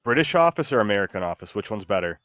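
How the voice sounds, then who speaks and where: A man hosting a live stream in casual, laid-back chat, often hesitant and quick to laugh. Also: lowish voice, big pitch swings, fairly bright tone, dry recording, soft background music. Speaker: streamer host.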